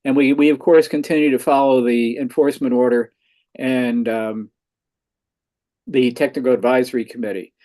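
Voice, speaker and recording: A man giving his community group's update at a meeting as a brisk run through a list of items. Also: mid-range voice, steady tone, warm tone.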